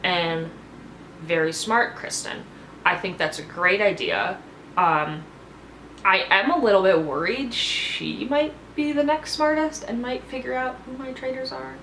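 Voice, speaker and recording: A woman talking in a casual, expressive recap-vlog style, with lots of "like" fillers. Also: mid-range voice, unhurried, a little hiss or hum. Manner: chatty and expressive, with many fillers like "like". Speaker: TV reality show reviewer. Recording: roomy echo.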